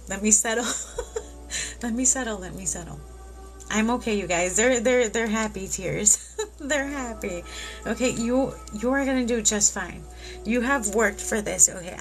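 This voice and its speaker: A woman doing a live tarot reading who speaks warmly and reassuringly and keeps tearing up. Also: medium pitch. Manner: emotional, tearful, reassuring. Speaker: tarot reader.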